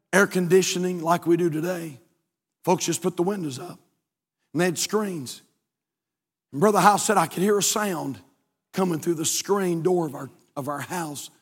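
A man preaching from the pulpit, his voice sitting unusually high. He tells stories in a folksy way and drives his points home by repeating them. A long church reverb trails after each phrase. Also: a bit bright. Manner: storytelling, folksy, with rising emphatic repetitions. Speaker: pastor. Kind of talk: sermon. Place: church sanctuary.

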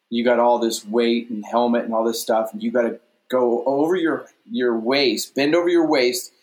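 A man telling a stage story in a casual interview, animated and often repeating "you know what I mean". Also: medium pitch, echoey room. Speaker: guest, stage performer.

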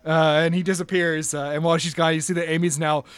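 A young man narrating a tabletop role-playing game as game master, casual and halting with many fillers. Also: a little high, flat delivery, clean tone, dry recording.

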